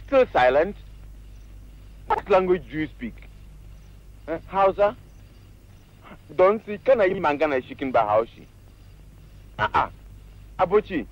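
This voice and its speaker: Sly show-off trickster, kinda high and bouncy, blustery, old muffled film sound. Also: male voice, full character voice. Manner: blustering, wheedling, switches languages. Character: boastful trickster Ananse, sly adult man. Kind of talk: 1960s film acting.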